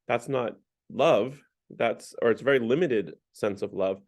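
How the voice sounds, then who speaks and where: Man, middle pitch, casual parish discussion leader, rambling and conversational, frequent "like" and restarts. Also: measured pace, darkish tone. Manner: loose and conversational, heavy on "like" and restarts; retells a story, then draws faith lessons from it. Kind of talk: casual spoken book discussion.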